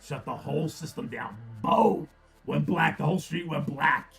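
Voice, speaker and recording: A man's voice: fairly high pitch, normal speed, gravelly, fairly bright tone. A middle-aged man with a Philadelphia accent, telling a rambling story on a livestream, swearing freely and often restarting his sentences. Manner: rambling, profane, frequent restarts. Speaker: card break host. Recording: faint music behind.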